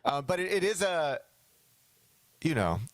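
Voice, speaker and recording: A man's voice: a little high, big pitch swings, measured pace, no echo. A man hosting a sports talk show, talking casually and animatedly, often slipping into mock quotes of other people.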